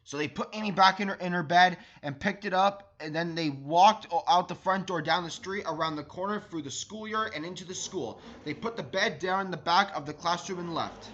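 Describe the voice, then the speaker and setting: Man, read-aloud storybook narrator, bright tone, eager, stumbling restarts. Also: high voice, fairly quick, few pauses, highs cut off. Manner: enthusiastic, stumbles and repeats words. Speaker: read-along host.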